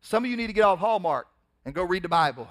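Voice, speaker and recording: A pastor preaching a sermon, swinging between loud emphatic rises and hushed drops, acting out scenes in casual, colloquial speech. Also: male voice, high-pitched, animated, fast.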